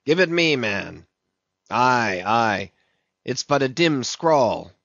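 A man voicing a grim, obsessed old sea captain who speaks in a gruff, stern, commanding way. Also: medium pitch, very animated, slow, fairly bright tone, dry recording, highs cut off, exaggerated voice.

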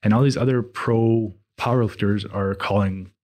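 A man with a husky, lowish voice chatting on a fitness podcast. He rambles and restarts as he tells stories about gym culture, loose and conversational. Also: steady tone, moderate pace, darkish tone. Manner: rambling, hesitant, many restarts. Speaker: podcast co-host and trainer. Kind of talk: casual podcast chat.

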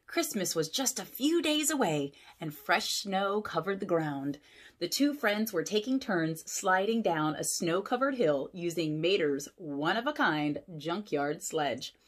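A woman's voice: lowish voice, unhurried. A woman pastor reading a picture book aloud to children, with friendly asides and questions. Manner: animated storytelling, asides to kids.

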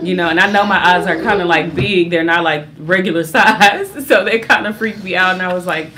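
A young woman in casual storytime chat, animated and laughing often as she tells a story, speaking in fast bursts. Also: on the low side, a little hiss or hum. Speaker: vlogger, mother.

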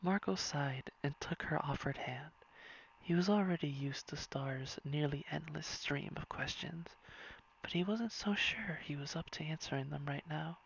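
A reader narrating a whispered bedtime story in a soft, hushed and unhurried way. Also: mid-range voice, vocal fry, slightly rough. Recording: dull lo-fi recording.

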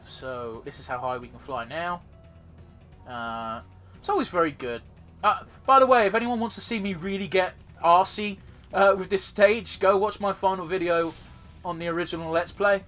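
A man's voice: high voice, normal speed, fairly bright tone, soft background music. A man casually commentating his own gameplay as a let's play host, rambling and swearing freely.

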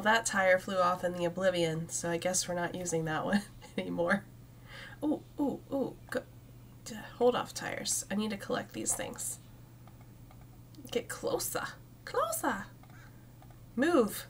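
A woman's voice: medium pitch, a bit bright, a little hiss or hum. A young woman streaming a cozy game, chatting casually and talking to the plants as she plays, with frequent giggles. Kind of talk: casual let's-play commentary.

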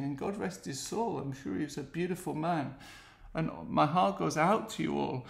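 Earnest English man with a gravelly voice. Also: on the high side, reverberant. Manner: earnest, heartfelt, pleading. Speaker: parent speaking to the camera. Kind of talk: personal video message.

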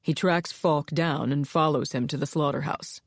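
A woman's voice: sits low, fairly even intonation, moderate pace, no echo, clean studio sound, voice pushed down. A woman narrator voicing a skeptical male police investigator who asks blunt, probing questions.

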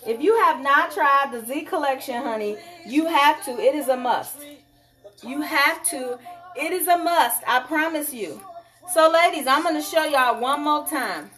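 A woman selling jewelry on a live stream, sassy and animated, calling her viewers honey. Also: high voice, a little slow. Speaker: online jewelry seller.

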